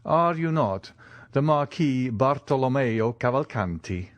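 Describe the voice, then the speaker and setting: Male reader playing a courteous, commanding count: smooth, measured, lively in inflection, dry close sound. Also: medium pitch, no echo, lightly acted.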